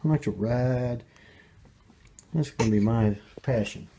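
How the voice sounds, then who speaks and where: A man's voice: mid-range voice, unhurried, vocal fry, background noise. An older man filming a casual home video, chatting and coaxing his baby granddaughter as he talks to her.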